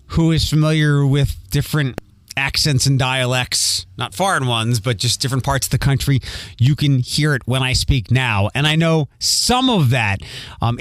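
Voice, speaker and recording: A podcast host with a mid-range, fairly bright voice and no echo delivers a casual monologue. He rambles in a self-aware way, with a faint Philadelphia accent that's mostly been trained out.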